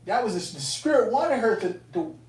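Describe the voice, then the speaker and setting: A man tells a personal testimony to a circle of brothers in a streetwise, profane way. His voice rides up and down in lively swings, slightly high for a man, with a mellow tone. He is picked up from across an echoey room with faint noise. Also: normal speed. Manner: animated, profane, streetwise talk. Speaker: elder speaking to fellow believers. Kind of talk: casual testimony storytelling. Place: indoor camp meeting room. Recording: roomy, distant mic, faint room noise.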